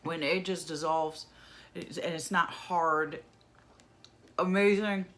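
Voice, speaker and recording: A woman's voice: sits low, steady tone. A woman from New York State doing a candy taste-test vlog, savoring each bite and humming with delight. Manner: slow, savoring, lots of happy humming. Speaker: vlogger.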